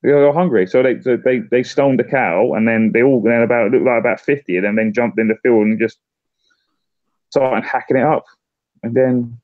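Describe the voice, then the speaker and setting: A man's voice: mid-range voice, steady tone, dry recording. A man talking politics in a loose, casual way, tripping over his openings and repeating words before his point lands. The sound is dry and dull, with a lo-fi, muffled edge. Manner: halting, repeats words when starting sentences. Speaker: political candidate.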